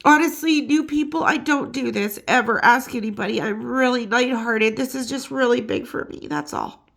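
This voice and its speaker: A woman's voice: a little high, moderate pace, gravelly, a bit bright. A woman hosting a gossip channel in casual chat, emotional and laughing often, with many fillers. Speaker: YouTube gossip host. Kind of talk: casual chat and rhyming poem reading.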